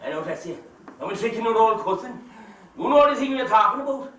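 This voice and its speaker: A man with an Irish accent playing a loud, teasing, scheming countryman in an amateur stage play, heard from far off on an echoey stage. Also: high-pitched, animated, a little fast. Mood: boisterous. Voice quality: teasing, boisterous and pushy. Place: theatre stage. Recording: echoey stage recorded from far off with faint hiss.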